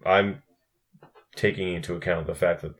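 A man's voice: sits low, steady tone, moderate pace, fairly bright tone. A young man co-hosting a casual film chat, rambling with restarts and cursing freely. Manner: rambling, profane, with frequent restarts. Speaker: podcast co-host.

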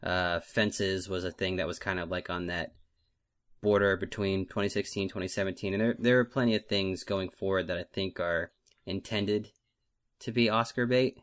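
A man's voice: low voice, fairly even intonation, normal speed, fairly bright tone. A man co-hosting a casual movie podcast, rambling and self-deprecating with many fillers. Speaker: podcast co-host, film list maker.

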